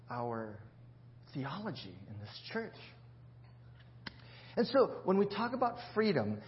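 A man's voice: on the high side, muffled recording. A man preaching a sermon in a church, in a chatty, joking way with many restarts. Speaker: pastor.

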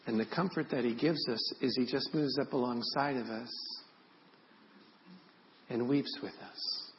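A man's voice: medium pitch, muffled recording, a little hiss or hum. A man in his sixties, a pastor preaching a sermon, telling stories with earnest feeling. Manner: storytelling, drops to soft and slow when emotional.

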